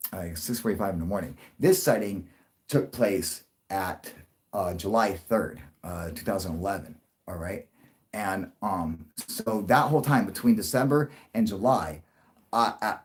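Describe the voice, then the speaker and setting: A young man telling a long story to his livestream viewers, rambling and swearing, with many restarts and sudden loud bursts. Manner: rambling, profane, restarts a lot, jumps into loud high bursts for quoted voices. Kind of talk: casual storytelling to a live audience.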